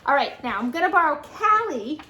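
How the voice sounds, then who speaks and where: A young adult woman, a children's librarian, reading a picture book aloud and leading lap-bounce songs in a sing-song, animated storytime voice. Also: high voice, a little fast. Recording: echoey room with faint noise.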